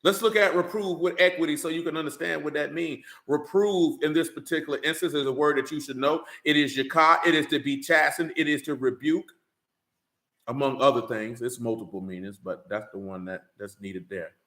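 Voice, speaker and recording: Man, preacher, bright voice, emphatic rhetorical sermon, roomy echo. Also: on the high side, steady tone, fairly quick. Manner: preachy, repeats "man" and "you understand", rising to emphatic. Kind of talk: sermon with scripture reading.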